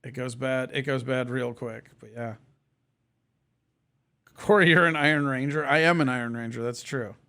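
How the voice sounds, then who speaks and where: A man's voice: mid-range voice, moderate pace, long pauses, pushed and bright, clean tone. A man joining a comedy call-in stream, ribbing the caller with profane jokes. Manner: joking, profane banter. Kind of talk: casual chat.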